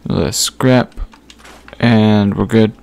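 Slow, gravelly-voiced man narrating gameplay. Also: on the low side, steady tone, a little mellow. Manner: thinks aloud while sorting items, many pauses and fillers. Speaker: gaming channel host. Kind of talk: casual gameplay commentary.

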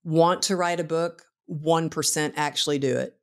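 A woman guest author telling a personal story in casual conversation, animated and acting out the voices of people in it. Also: deep voice, normal speed. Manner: animated, acts out quotes in the story.

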